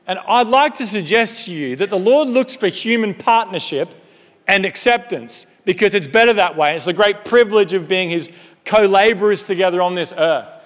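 A pastor preaching a sermon in an animated, conversational way with humorous asides. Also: male voice, high-pitched, moderate pace. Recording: long hall reverb.

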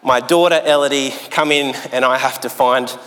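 A man, preaching a sermon in a relaxed, joking way with long pauses. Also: mid-range voice, slight background noise. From Australia. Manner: conversational and jokey, with long pauses. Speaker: pastor. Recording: echoey hall sound.

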